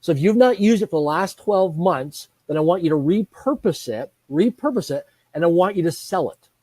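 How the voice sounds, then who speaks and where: Middle-aged male business trainer, interview guest, lively storyteller; slightly higher, warm tone, dry close sound. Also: fairly quick, no echo. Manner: energetic, repetitive lists, acts out dialogue.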